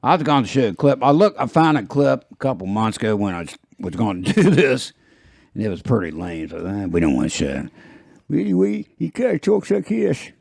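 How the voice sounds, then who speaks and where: Rambling gravelly man in his fifties. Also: lowish voice, animated, a little fast, darkish tone, dry recording, studio quality. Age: 50s. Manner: rambling, jokey, laughs at own jokes. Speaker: podcast host. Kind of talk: casual chat.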